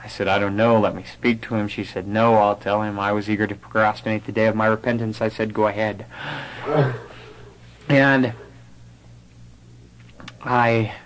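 Speaking in a fairly low voice over poor audio, a young man gives a heartfelt personal testimony. He builds his account from conversations he recalls, voicing what others said to him.

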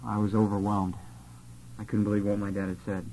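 A man telling a personal testimony of his missionary years in an earnest, steady, plain-spoken way. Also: lowish voice, brisk, a little hiss or hum, low-quality recording.

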